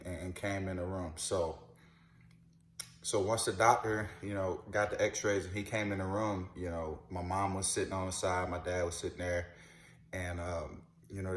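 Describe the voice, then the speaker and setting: A man in his thirties from New Orleans, telling his own story casually to camera, with lots of "you know" and "man" and repeated words. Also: sits low. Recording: roomy echo.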